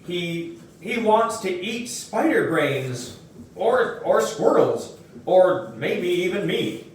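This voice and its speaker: A man's voice: on the high side, lively intonation, slow. A man voicing a frightened young boy who stammers, in a storybook reading recorded in an echoey room from far off. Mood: scared. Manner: stammering, fearful.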